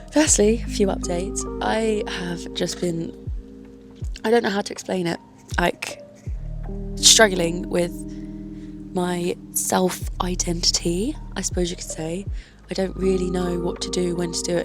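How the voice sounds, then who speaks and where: A young woman from Northern Ireland and Kent, chatting casually to camera in a rambling way and swearing freely. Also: fairly low pitch. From born in Northern Ireland, grew up in Kent, England. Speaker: vlogger.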